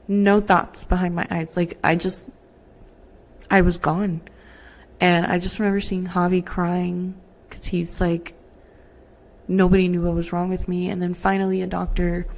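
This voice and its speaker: An earnest young woman telling her own story as a podcast guest, candid and unguarded. Her voice sits a little low for a woman. She talks in a loose, casual way, full of "like" and "literally". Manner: earnest, uses "like" and "literally" often.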